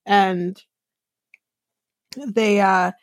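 A woman hosts a podcast recap in a loose, chatty way, full of fillers and quick asides. Her voice sits at a middle pitch, and the recording is dry and close with no room around it. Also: fairly even intonation, no echo. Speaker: podcast host recapping a reality show. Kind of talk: casual recap chat.

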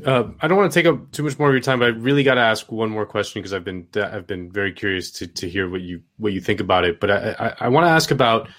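A man's voice: fairly low pitch, lively intonation, fast, few pauses, fairly bright tone. A man hosting an interview, asking curious, rambling questions with many restarts. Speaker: host. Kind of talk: political interview.

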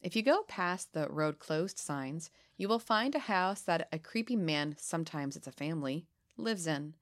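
A woman co-hosting a casual podcast, reading spooky legends aloud in a playful, giggly way with dramatic pauses. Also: sits low, animated. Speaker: podcast co-host.

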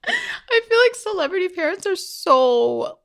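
A woman's voice: extremely high pitch, wildly swooping pitch, unhurried, vocal fry, fairly bright tone. A woman co-hosting a podcast, asking curious questions in casual chat and laughing easily. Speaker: podcast co-host.

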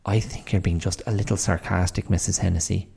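A man's voice: sits low, steady tone, a little fast, creaky, mellow, breathy edge, exaggerated voice. A man voicing an earnest, stubborn young girl, polite but insistent. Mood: reproachful.

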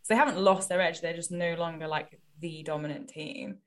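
A woman's voice: on the low side, fairly even intonation, a little fast. A woman co-hosting a podcast, chatting in a friendly, loose way with her guest. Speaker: podcast co-host. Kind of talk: casual podcast chat.

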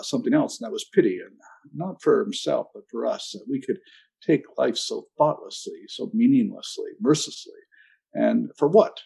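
An older man telling stories in an interview, measured and anecdotal with a dry sense of humor. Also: mid-range voice, creaky, mellow, slightly rough. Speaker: interview guest, ocean activist. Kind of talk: storytelling interview answers.

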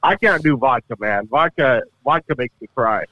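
A man's voice: medium pitch, lively intonation, moderate pace, no echo. Guy cohosting a podcast, always laughing and teasing, bit muffled dry mic. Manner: laughs often, joking, teasing. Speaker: podcast co-host. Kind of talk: casual profane chat.

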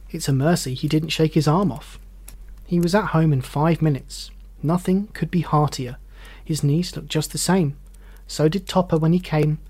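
A man reading a classic story aloud as narrator, expressive and measured. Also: on the high side, breathy edge.

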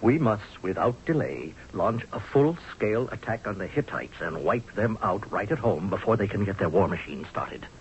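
A hard-headed, scornful military commander in a vintage radio play. He talks forcefully, with sarcasm and wide swings in pitch. The recording is dull and lo-fi, like an old radio broadcast. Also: big pitch swings, moderate pace, hardly any pauses, a little hiss or hum. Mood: urgent. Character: blunt angry male Egyptian general. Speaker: actor. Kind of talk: 1970s radio drama acting.

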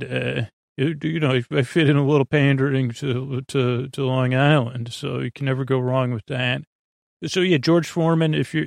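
Meandering gravelly-voiced sleep podcast man. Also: mid-range voice, dry recording, studio quality. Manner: meandering, drowsy, full of fillers and restarts. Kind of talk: rambling bedtime podcast chat.

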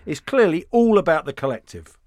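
A man hosting a jokey clip show on the radio, quick with quips and often laughing. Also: a little high, sing-song, a little mellow, no echo, clean studio sound.

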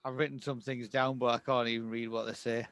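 A man's voice: mid-range voice, level tone, a little fast, a bit bright, muffled recording. A man in casual chat, laughing often as he talks over a show with a friend. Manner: laughs often, quotes lines in put-on voices. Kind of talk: casual chat reviewing an old puppet show.

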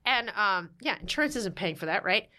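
A woman chatting casually on a podcast, telling a lively story with quick asides and acting out quoted lines. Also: mid-range voice. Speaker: guest telling a marriage story.

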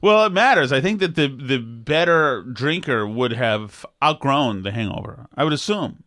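A man's voice: normal speed, no echo. Joking male podcast co-host, dry mic. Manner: joking, rambling, lively swings of pitch. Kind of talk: casual chat.

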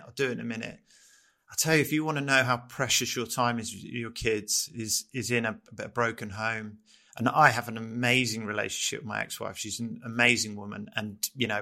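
A middle-aged man co-hosting a podcast, talking in an earnest, halting way and often restarting his sentences as he reflects. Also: mid-range voice, creaky, pushed and bright. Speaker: podcast co-host.

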